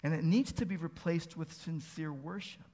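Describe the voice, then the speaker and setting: A man's voice: on the high side, normal speed, warm tone. Earnest male pastor preaching a sermon. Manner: earnest, pleading rhetorical questions, builds to emphatic peaks.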